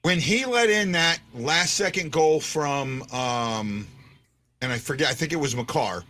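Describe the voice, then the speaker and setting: A man's voice: a little high, measured pace, sharp tone. A man hosting a casual hockey fan show, talking emphatically and arguing his points. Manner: argumentative, emphatic. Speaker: podcast host. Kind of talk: casual sports talk.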